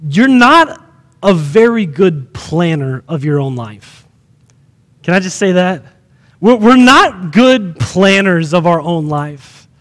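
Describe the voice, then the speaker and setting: High-voiced pastor preaching in a reverberant church. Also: male voice, lively intonation, slow pace, a bit bright. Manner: dynamic preaching, repeats phrases for emphasis, asks the congregation questions. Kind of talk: sermon. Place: church sanctuary.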